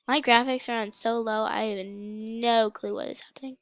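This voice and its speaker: A young woman casually commenting on her gameplay for her channel, chatty and excitable, with a slight cough. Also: mid-range voice, takes it slowly, pauses often, clean tone, dry recording. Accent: mock British, put on. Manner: chatty, excitable, breaks into gasps and shouts. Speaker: gaming channel host.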